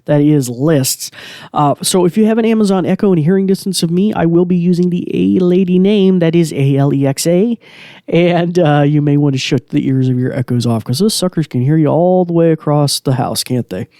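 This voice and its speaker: A man's voice: on the high side, moderate pace, warm tone, no room sound, studio quality. Chatty man hosting a tech tutorial. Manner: chatty, loose, many fillers. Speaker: podcast host. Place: small home studio.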